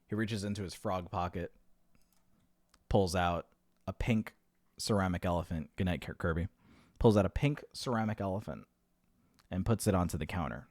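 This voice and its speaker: Deep-voiced male joke teller, rambling and self-amused, dry close recording. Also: normal speed, pauses often, darkish tone, no room sound. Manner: self-amused, laughs at his own jokes. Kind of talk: rambling comedic storytelling.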